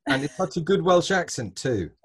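A man's voice: a little high, very animated, moderate pace, husky. A man hosting an interview, asking questions and chuckling, hesitant with many restarts. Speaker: podcast host. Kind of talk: casual interview chat.

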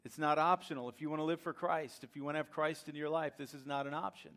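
High-voiced preaching man. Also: steady tone. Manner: rising to loud emphatic preaching with dramatic pauses. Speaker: pastor. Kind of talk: sermon.

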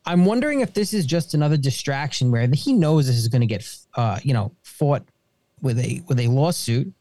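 A middle-aged man and small business owner talking casually on a podcast, halting and repeating himself as he talks. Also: mid-range voice, animated, dark tone, no echo. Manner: halting, repeats words and restarts. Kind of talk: casual political chat.

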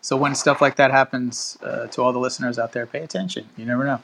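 A man's voice: mid-range voice, fairly even intonation, fast talker, vocal fry, a bit bright. A man hosting a podcast, reading a news article aloud in a casual chatty way, stopping to comment and laughing at the wording. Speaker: podcast host.

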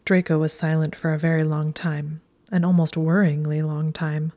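Low hushed woman reading aloud. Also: little pitch movement, moderate pace, hardly any pauses. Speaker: narrator. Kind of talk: whispered audiobook reading.

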